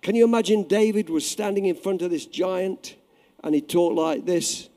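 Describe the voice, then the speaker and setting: A male preacher giving an impassioned sermon in a church, swinging from loud declarations to hushed, intimate prayer. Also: sits high, moderate pace. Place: church hall. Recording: echoey hall.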